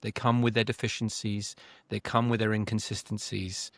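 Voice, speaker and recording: A man's voice: on the low side, little pitch movement, normal speed, no room sound. Articulate male podcast co-host, dry sound. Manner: articulate, asks probing questions. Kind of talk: casual podcast discussion.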